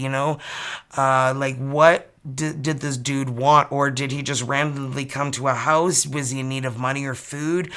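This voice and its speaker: Speaking in a very deep voice, a Canadian woman who reads tarot tells her viewers a story from her home studio. Her telling is chatty and animated, packed with "like" fillers.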